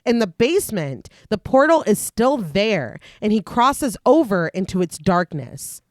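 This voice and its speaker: Woman, podcast co-host, casual chat, lively pitch, dry sound. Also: unhurried, no echo. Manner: recaps plot in long lively read-through, laughs often. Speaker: podcast co-host recapping a film. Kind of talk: casual chat and plot narration.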